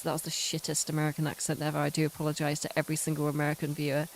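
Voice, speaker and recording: A woman's voice: low-pitched, monotone, very fast, slight background noise. A British woman streaming a game, chatting casually in rambling, self-mocking tangents. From United Kingdom. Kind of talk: casual chat while playing a game.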